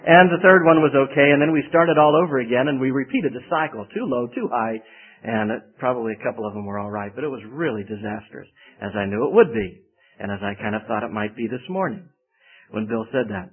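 A man's voice: mid-range voice, slightly rough. Folksy male preacher on a tinny line. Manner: folksy storytelling, acts out quoted voices. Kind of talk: sermon with personal anecdote. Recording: tinny phone-like band.

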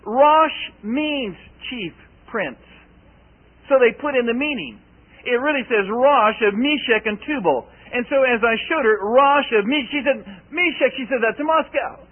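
A male preacher with a noticeably high voice delivers a sermon, mixing scripture reading with chatty personal stories. He keeps turning to the congregation with questions. The audio sounds narrow and tinny, like an old radio broadcast. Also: lively intonation, a little slow. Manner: conversational, addresses the congregation with questions.

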